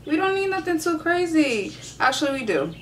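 A woman's voice: high voice, very animated, a little fast, a little hiss or hum. A young woman doing a casual makeup tutorial, sassy and playfully profane, hyping herself up as she works. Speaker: beauty vlogger.

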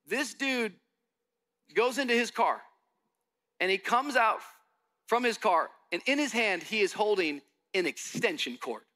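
Bright-voiced pastor telling a story. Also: male voice, high-pitched, measured pace, long pauses. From Miami. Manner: animated storytelling, acts out dialogue. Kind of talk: sermon.

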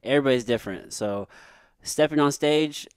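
A man's voice: medium pitch, normal speed, a little mellow, smooth, no echo. A man hosting a podcast in casual conversation, loose and informal, peppering his talk with "like" and the odd swear word. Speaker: podcast host.

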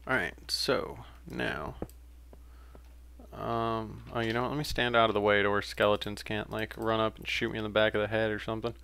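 A man's voice: on the low side, flat delivery, normal speed, gravelly, sharp tone, a little hiss or hum. A young man giving casual, rambling commentary while playing a game, with frequent fillers and self-corrections. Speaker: let's play gamer.

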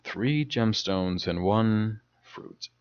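A man's voice: lowish voice, expressive, extremely slow, clear, resonant tone, dry recording. A man casually commenting while playing a horror game, muttering, thinking aloud and swearing often. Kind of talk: casual let's play commentary. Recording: dull lo-fi mic with faint noise.

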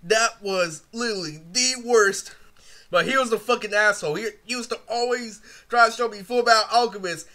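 A man's voice: sits high, normal speed, bright, forceful tone. A young man telling a rambling, profane story in a casual vlog, full of fillers. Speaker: vlogger.

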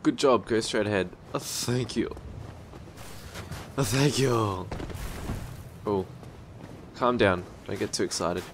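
A man giving excitable gameplay commentary, yelping and swearing as he plays. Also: fairly low pitch, takes it slowly, pauses often, slight background noise. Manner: excitable, yelps and swears at the game. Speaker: let's-play gamer.

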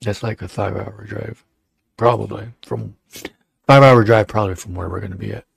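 Male show host, gravelly, casual rambling banter, dry close recording. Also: on the low side, fairly even intonation, a little fast, no room sound. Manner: rambling, joking, many fillers. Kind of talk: casual livestream chat.

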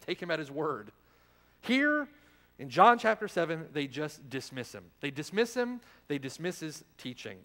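Male pastor, sermon, pitched a bit high, punchy rhetorical questions, long church reverb. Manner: emphatic, rhetorical questions, swings from loud to hushed. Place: church sanctuary.

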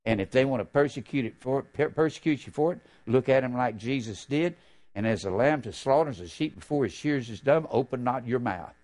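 An older man preaching a fervent sermon, drawing out key phrases slowly and breaking into sudden loud, high outbursts. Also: animated.

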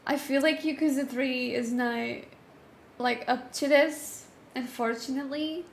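A young woman giving chatty, excitable commentary while streaming a game, often laughing. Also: high-pitched, unhurried, vocal fry, a little hiss or hum. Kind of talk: casual let's-play commentary.

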